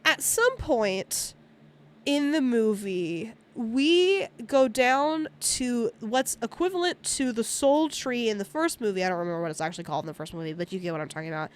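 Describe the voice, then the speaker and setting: With a fairly high pitch and lively intonation, a woman streamer talks at a normal speed as she recaps a movie. Her casual recap rambles, she swears often, and she acts out the characters' lines.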